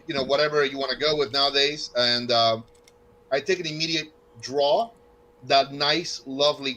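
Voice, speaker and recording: Bright, animated North Carolina man. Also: on the high side, rough recording. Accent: North Carolina Southern. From North Carolina, USA. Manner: animated storyteller, quotes people in voices. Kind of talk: casual podcast chat.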